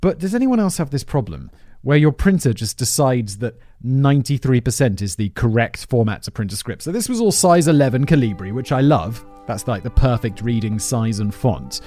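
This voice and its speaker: A man's voice: mid-range voice, very animated, moderate pace, dark tone, no echo, faint music behind. A man with an English accent hosting a podcast, reading a script aloud and breaking off into rambling, self-deprecating asides. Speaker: podcast host.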